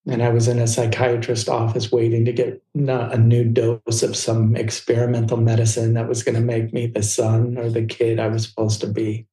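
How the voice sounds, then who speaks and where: A man recounts his past in a casual interview, words tumbling out with quick restarts. His voice is mellow and level in pitch. The recording carries a roomy echo. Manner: fast, tumbling anecdotes with restarts. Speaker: guest.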